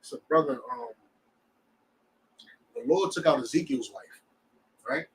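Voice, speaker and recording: A man teaching a scripture class in an animated way, often checking that his students understand. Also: mid-range voice, measured pace, distant mic, rough recording.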